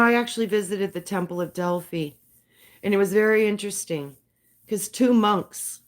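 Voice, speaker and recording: A woman hosting a live stream, reading a poem and talking in a soft, dreamy, emotional way, her voice shaking at times. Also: on the low side.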